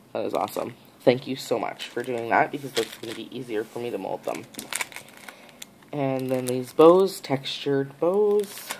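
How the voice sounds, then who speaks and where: A woman in a casual unboxing vlog, gushing and excitable, full of gasps and exclamations. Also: very deep voice, a little hiss or hum, low-quality recording. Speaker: nail art vlogger.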